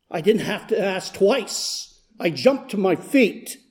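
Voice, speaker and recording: A high-voiced man tells a story in the first person, as a poor blind beggar. His delivery is earnest and unhurried, and it steadily gathers intensity. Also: lively intonation, a little mellow. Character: blind beggar man, humble then desperate. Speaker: dramatic storyteller. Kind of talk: first-person dramatic monologue.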